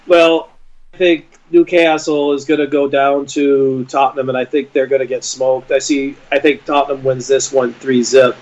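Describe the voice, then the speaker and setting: A man's voice: medium pitch, level tone, moderate pace, darkish tone. Muffled lo-fi man calling football matches. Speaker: podcast co-host. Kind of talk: casual football prediction chat. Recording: dull lo-fi sound.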